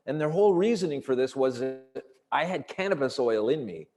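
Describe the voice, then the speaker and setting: A man with an ordinary middle-pitched voice spins an animated, profane story as a comedian guest, slipping into the voices of the people he quotes. His voice carries a long, hall-like reverb behind it. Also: a little fast, soft background music. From Canada. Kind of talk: storytelling in casual conversation. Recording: long reverberant room sound.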